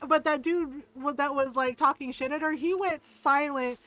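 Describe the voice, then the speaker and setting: A woman's voice: sits high, fairly bright tone. A woman streaming a game, chatting casually with lots of fillers, swearing and laughter, and sometimes reading the story text aloud. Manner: also reads game story aloud at a brisk pace. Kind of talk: casual gaming stream chat.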